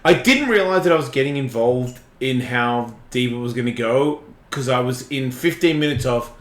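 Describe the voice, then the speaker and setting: A man's voice: mid-range voice, lively intonation, normal speed, hardly any pauses, roomy sound. A man from Australia, hosting a casual talk show, rambling through a story and acting out the lines of others. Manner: rambling, acts out quotes in voices. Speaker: host.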